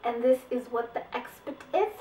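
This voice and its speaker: A woman giving a casual book review vlog, chatty and animated, often saying "like" and repeating phrases. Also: on the high side, normal speed, echoey room, far from the mic, slight background noise, poor audio.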